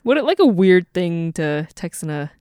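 A woman's voice: fairly low pitch, sing-song, a little slow, darkish tone, smooth, no room sound, clean studio sound. A young woman co-hosting a podcast at home, telling a story in a casual chat with frequent giggles. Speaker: podcast co-host.

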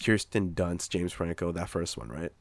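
A man telling stories in casual, profane chat, animated when he tells them. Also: deep voice, normal speed, vocal fry, no room sound.

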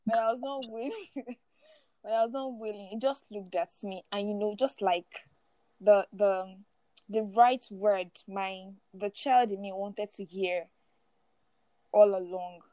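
A woman's voice: medium pitch, steady tone, measured pace, dark tone, no echo. Woman telling her story, dry sound. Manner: laughs often while telling, restarts and repeats words. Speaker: guest speaker. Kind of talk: personal testimony in conversation.

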